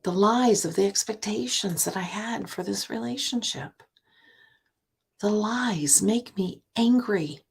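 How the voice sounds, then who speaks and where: A woman author giving a reflective self-help talk, asking herself rhetorical questions and often dropping into a soft, breathy near-whisper. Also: medium pitch, takes it slowly. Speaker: author and divorce speaker.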